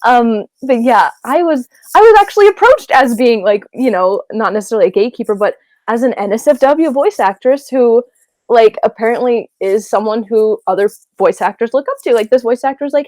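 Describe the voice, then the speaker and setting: A woman's voice: fairly high pitch, animated, brisk, darkish tone, no echo. A woman voice actress chatting in an interview, giggly and rambling, wandering off on tangents from a home closet booth. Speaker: guest voice actress. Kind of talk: casual interview chat.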